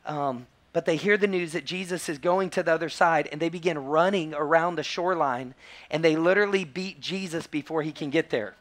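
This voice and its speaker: A man, preaching a sermon as a pastor and telling stories with lively quoted voices. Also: fairly quick. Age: 40s. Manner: animated storytelling, acting out quotes in high voices.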